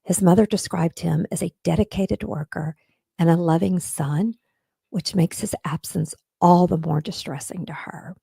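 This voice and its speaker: A woman's voice: on the low side, fairly even intonation, normal speed, vocal fry, dark tone, husky, no room sound. A woman hosting a casual true-crime live stream, chatting straight to viewers and making earnest pleas. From Texas. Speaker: podcast host.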